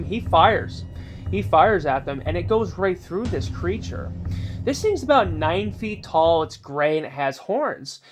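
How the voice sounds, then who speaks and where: A man telling a spooky story in a casual, rambling way, full of filler phrases. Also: sits high. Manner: rambling, many "you know" fillers.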